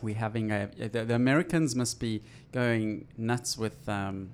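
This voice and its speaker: A man's voice: fairly low pitch, unhurried, a little hiss or hum. A man hosting a casual tech podcast from an office, talking in a rambling way with lots of ums and restarts. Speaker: podcast host.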